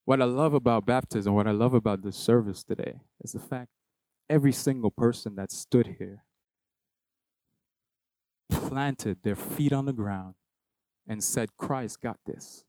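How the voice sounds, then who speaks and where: A young man preaching a sermon at a baptism service, repeating short phrases and building to loud, emphatic peaks. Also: medium pitch, a little slow, pauses often, no echo. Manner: rhythmic repetition, rising to loud emphatic peaks. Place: church hall with a congregation of about two hundred.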